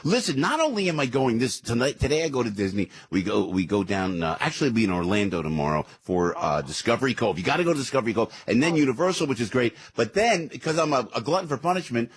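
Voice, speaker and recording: A man's voice: medium pitch, sing-song, quick pace, few pauses, breathy edge. A middle-aged man hosting a morning radio show, teasing his guest and laughing easily. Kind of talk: casual morning radio banter.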